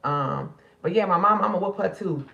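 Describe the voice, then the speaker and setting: A tired woman speaks straight to her viewers as if they were her sisters. Her voice is gravelly, and it sits a little away from the phone in an echoey room. The sound is dull and lo-fi. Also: mid-range voice, moderate pace, sharp tone, recorded from a distance. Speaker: spiritual card reader and channel host. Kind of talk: casual late-night vlog chat.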